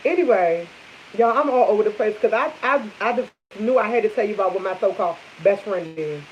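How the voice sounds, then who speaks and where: A woman's voice: mid-range voice, expressive, a little fast, slight background noise. Blunt, emphatic young woman vlogging. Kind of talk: casual chat to camera. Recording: dull lo-fi audio.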